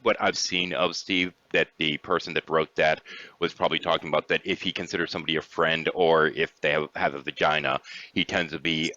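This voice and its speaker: A man's voice: rumbling low, fairly even intonation, brisk, sharp tone, no echo. A man hosting a casual podcast, blunt and profane in his talk. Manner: blunt, profane, occasionally clears throat. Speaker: podcast host. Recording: dry, dull lo-fi sound.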